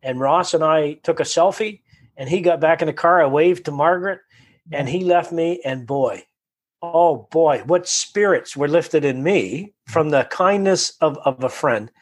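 A man from Canada talks as a guest, telling his story with lively energy. His voice sits a touch high for a man, and he keeps acting out other people's lines while circling back over his own words. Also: unhurried. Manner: animated storyteller who acts out quotes and repeats words. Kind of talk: storytelling conversation.

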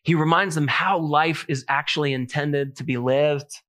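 A man preaching a sermon, telling a story in a lively, animated way with many asides. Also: a little high, normal speed. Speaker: pastor.

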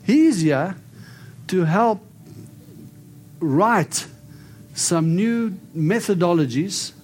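A man preaching and praying over people in an animated, storytelling way. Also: sits high, very slow, soft background music. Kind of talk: prophetic ministry preaching and prayer.

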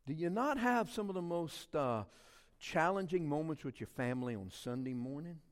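A middle-aged man, preaching a sermon as a pastor, swinging between loud emphatic passages and quiet ones. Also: a little high, normal speed, in a large hall. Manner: animated preaching with big swings in loudness.

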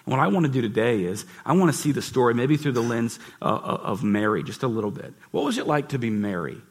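Husky guy pastor preaching in church, gets animated, asks the crowd stuff. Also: mid-range voice, fast. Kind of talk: sermon.

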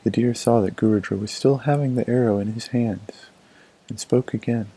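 A man narrating a folk tale in a measured, expressive storybook manner. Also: mid-range voice, husky, low-quality recording.

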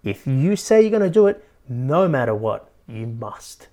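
Animated and fond of capping points with "right?", a man hosts a motivational podcast as a life coach. He speaks at a measured pace in a medium pitch.

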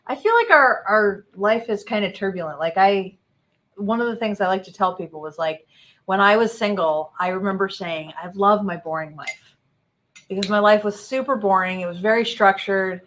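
A woman talking as a guest on her husband's show in a relaxed, easygoing and slightly hesitant way. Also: medium pitch, normal speed, rough recording. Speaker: guest, host's wife. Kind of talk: casual chat.

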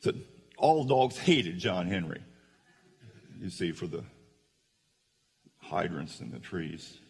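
A man's voice: low voice, sing-song, takes it slowly, creaky. A man giving a folksy storytelling sermon who speaks directly to the audience. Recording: long hall reverb.

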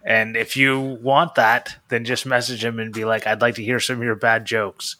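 A man co-hosting a podcast in casual chat, his voice bright and forceful. He rambles along with fillers and restarts, recorded close and dry. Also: mid-range voice, flat delivery, moderate pace, no echo. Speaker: podcast co-host.

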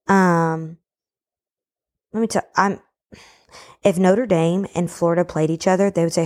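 A woman's voice: lowish voice, normal speed. A young woman hosting a solo podcast from home, ranting in a casual, emphatic way and peppering her talk with slang. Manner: animated, emphatic, slangy ("bro", "baby"). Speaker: podcast host.

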